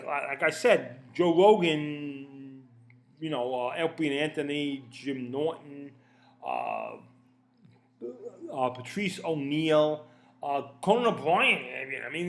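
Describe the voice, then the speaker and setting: A man giving a casual opinion rant, rambling and profane, often stammering and repeating words. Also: a little high. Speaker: commentator.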